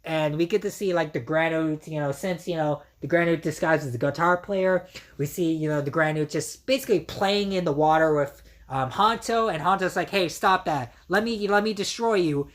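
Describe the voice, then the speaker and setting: Woman reviewer, low-pitched, casual rambling recap full of "you know". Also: moderate pace. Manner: rambling, many fillers and restarts.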